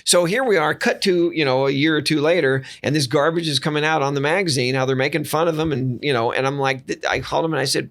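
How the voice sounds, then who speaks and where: A middle-aged man, a guest comedian on a podcast, telling anecdotes casually with halting fillers and restarts, and acting out quoted dialogue. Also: a little high, fairly bright tone. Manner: acts out quoted dialogue with a raised voice.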